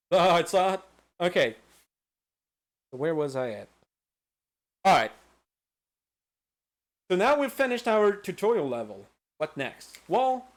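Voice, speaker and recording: A man hosting a comedic lecture that recaps a video game, talking in a crude, profane and playful way and laughing often. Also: fairly high pitch. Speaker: host.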